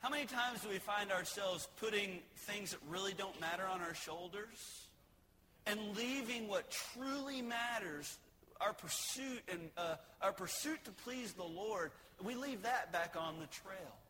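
A man's voice: high-pitched, a little slow, background noise. A man preaching a sermon in a folksy way, joking and asking the congregation questions. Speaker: pastor.

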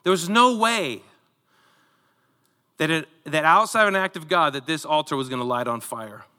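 Guy preaching in a big echoey hall, bright high voice, acts out the story. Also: normal speed. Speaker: pastor. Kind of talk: sermon.

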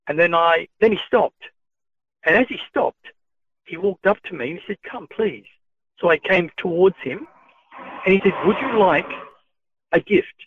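A man recounting his own experiences as a story, retelling each line of dialogue in a measured way. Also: high-pitched, dry recording. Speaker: channeled speaker recounting adventures. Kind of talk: first-person storytelling. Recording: tinny phone-like, dry.

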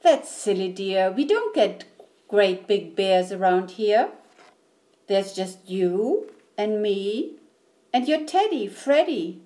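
A woman voicing a cheerful, dismissive mother in a storybook, brisk and reassuring. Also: mid-range voice, sing-song, dark tone.

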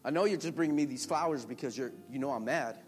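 A man's voice: medium pitch, fast, faint music behind, pitched below the performer's own voice, lightly acted. A man voicing a fed-up wife who doubts her husband will change, grumbling and skeptical.

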